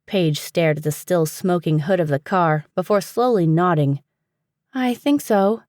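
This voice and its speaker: A woman narrating a fantasy audiobook in a steady, even storytelling manner, recorded on a close studio mic. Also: low voice, moderate pace, dry recording. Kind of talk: scripted narration.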